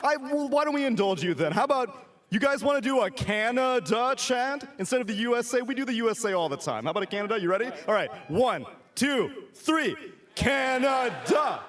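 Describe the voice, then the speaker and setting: A man from the United States hosting a live esports event, energetic and joking. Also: very high voice, fast talker. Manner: energetic, joking, hyping the crowd. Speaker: esports broadcast host. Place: convention center stage. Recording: loud live crowd behind.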